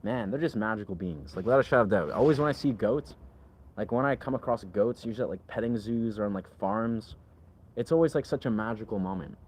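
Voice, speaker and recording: A man with a somewhat low voice talks loosely on his livestream. He rambles, leans on filler words and answers his chat as he goes. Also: lively intonation, fast, darkish tone, slight background noise.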